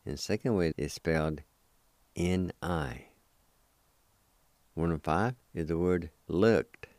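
A man's voice: low voice, takes it slowly, darkish tone, no echo. A man teaching a language lesson, spelling and pronouncing words syllable by syllable with patient repetition. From Oklahoma, United States. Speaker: language teacher and radio host. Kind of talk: slow spoken vocabulary lesson.

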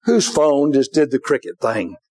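A man preaching a sermon in a church, dropping to a hush and then rising to shouts, with folksy asides to the congregation. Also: medium pitch, very animated, normal speed, a crowd in the background. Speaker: pastor. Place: church sanctuary.

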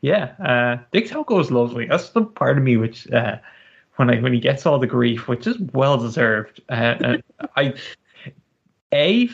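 A man's voice: mid-range voice, very animated, unhurried, gravelly, breathy edge. A man from Ireland with an Irish accent, hosting a podcast in casual, rambling chat full of fillers and restarts. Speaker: podcast host. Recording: dull lo-fi podcast audio.

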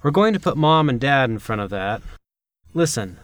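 A man narrating a language lesson from a script, with measured, clear enunciation and demonstrated intonations. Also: medium pitch, big pitch swings, fairly bright tone, no room sound.

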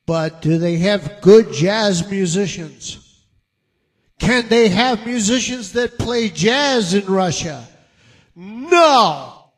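High-voiced man ranting slowly and profanely. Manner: mocking, drawn-out repeated questions. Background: faint guitar playing.

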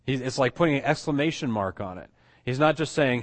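Guy preaching a sermon, mid pitch, gets loud and slow on key points, lots of restarts. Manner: teaching, emphatic with frequent restarts. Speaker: pastor.

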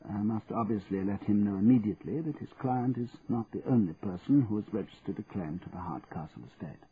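Lightly acting in a fairly low voice, a man reads brisk lines as a formal elderly male solicitor in an audiobook, courteous, dry, and precise. The sound is tinny and narrow-band, like a phone line, with faint hiss.

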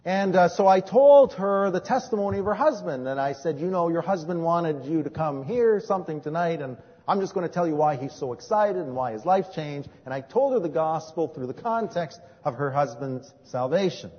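A man preaching as a pastor, telling stories from his ministry and moving between hushed and emphatic delivery. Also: fairly high pitch, lively intonation, moderate pace, few pauses, breathy edge. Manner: storytelling, swings from hushed to emphatic. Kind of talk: sermon with personal testimony. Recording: dull recording in a reverberant hall.

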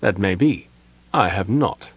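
A man voicing a cold, scheming elven wizard advisor in an audiobook, calm and self-assured. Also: on the low side, a little slow, slightly rough, no room sound, full character voice.

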